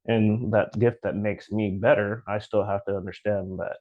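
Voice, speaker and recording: A man's voice: lowish voice, steady tone, normal speed, phone-quality sound. A man co-hosting a podcast, speaking earnestly and encouragingly in casual chat. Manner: earnest, encouraging, short affirmations. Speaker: podcast co-host.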